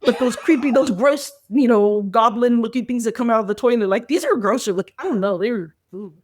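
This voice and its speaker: A woman's voice: a little high, fairly quick, a little hiss or hum. A woman co-hosting a podcast in casual chat, telling stories animatedly and acting out her own reactions. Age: adult. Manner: animated storytelling with quoted asides. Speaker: podcast co-host.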